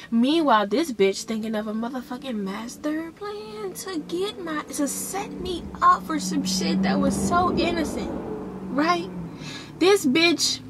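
Talking straight to camera, a young adult woman with a high voice tells a story about school drama. Her vlogging style is casual, profane and animated, and she acts out the other people's lines as she goes.

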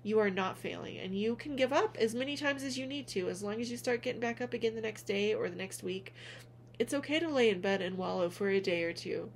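Gentle earnest woman vlogger. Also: medium pitch, fairly quick, vocal fry, slight background noise. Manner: gentle, earnest, calls listeners "honey". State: tearful at moments. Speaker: spiritual vlogger, reader. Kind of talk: heartfelt direct-to-camera vlog.

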